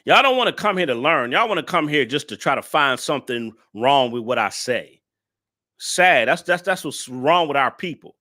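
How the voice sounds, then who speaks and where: A man's voice: medium pitch, lively intonation, moderate pace, bright, forceful tone. A man hosting a reaction video, talking in blunt, profane, ranting commentary and scolding his viewers. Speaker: male content creator reacting to a video.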